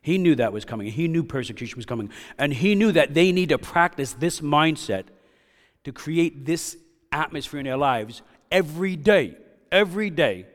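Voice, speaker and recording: A male pastor preaching a sermon, dropping to hushed tones and then rising to loud, impassioned emphasis. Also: a little high, lively intonation, normal speed. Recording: hall reverb.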